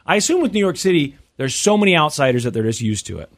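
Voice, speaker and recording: A man hosting a talk show, chatting casually in a rambling, excitable way. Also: a little high. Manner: excitable, rambling, quick to interrupt. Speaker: radio show host. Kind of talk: casual studio chat.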